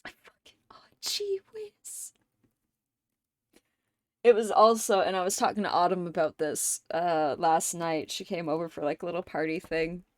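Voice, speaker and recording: A woman hosting a livestream in casual chat, rambling and excitable, and swearing often. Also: lowish voice, brisk, no echo, studio quality. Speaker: livestream host. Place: home streaming setup.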